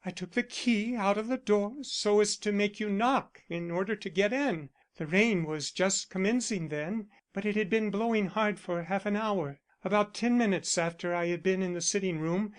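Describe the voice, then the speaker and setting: A stern, composed young woman, as a male audiobook narrator puts her on, firm and matter-of-fact. She is pitched well above his usual voice and sounds clearly higher. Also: moderate pace, lightly acted. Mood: recounting. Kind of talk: audiobook character reading.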